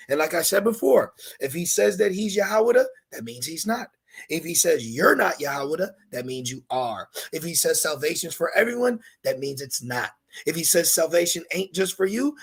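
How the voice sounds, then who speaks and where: A man's voice: fairly high pitch, lively intonation, moderate pace, vocal fry, breathy edge. A man giving an emphatic scripture lesson as a religious teacher, mixing preaching with street slang.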